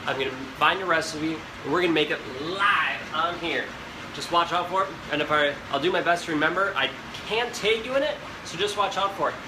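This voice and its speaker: Streaming live from the kitchen in his home, this young cooking-show host rambles and chats straight at his audience in a fairly high voice, talking a little fast. The room is echoey and a fan whirs behind him.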